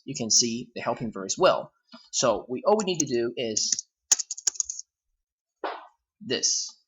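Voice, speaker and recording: A man's voice: a little high, a bit bright. A man with a Hong Kong accent teaching an English grammar lesson, explaining step by step and rewording himself often.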